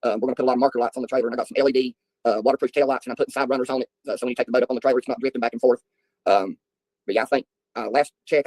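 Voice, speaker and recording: A man's voice: medium pitch, no room sound. A middle-aged man telling rambling, folksy stories to viewers on a casual livestream, often chuckling. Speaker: livestream host. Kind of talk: casual storytelling chat with viewers.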